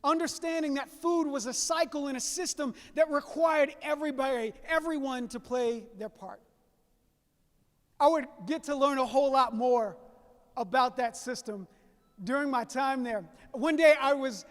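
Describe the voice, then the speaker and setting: A man from Southeast Louisiana, giving a folksy, story-driven keynote speech to an audience he calls y'all. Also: very high voice. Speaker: keynote speaker. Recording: reverberant hall.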